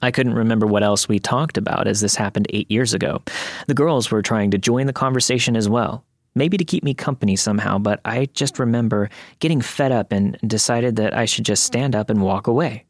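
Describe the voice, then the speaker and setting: A man narrating a listener's true creepy story in the first person, with a measured, steady storytelling delivery. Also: lowish voice, no room sound, clean studio sound. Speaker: podcast narrator reading listener stories.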